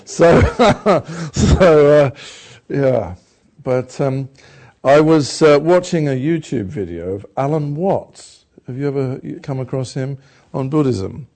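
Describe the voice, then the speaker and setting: An older British man, an actor from England, telling rambling, self-deprecating stories in a relaxed conversation. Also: mid-range voice, slow pace. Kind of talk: conversational storytelling.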